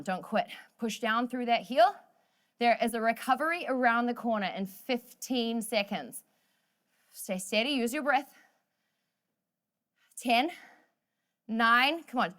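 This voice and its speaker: Her voice leans high and a bit bright as she coaches an energetic workout class. The fitness instructor keeps things upbeat, trades jokes, cheers people on, and counts down the end of each set.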